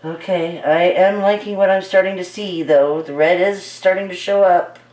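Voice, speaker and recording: Talking to her paint as she pours it, a woman narrates in a chatty, playful way, coaxing it along and delighting easily. Her lowish, darkish voice stays steady at a moderate pace. The mic sits back in an echoey room, so she sounds distant.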